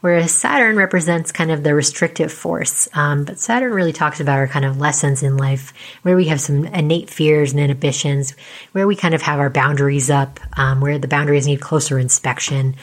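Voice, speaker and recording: Speaking quietly as her voice starts to give out, a woman astrologer explains things in a casual, chatty way full of fillers and tag questions. Her voice is deep and she talks fairly quickly.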